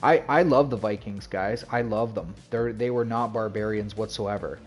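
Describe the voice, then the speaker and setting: A man's voice: fairly low pitch, normal speed, soft background music. A man streaming and chatting casually to viewers, telling a rambling story with restarts and laughs. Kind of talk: casual chat.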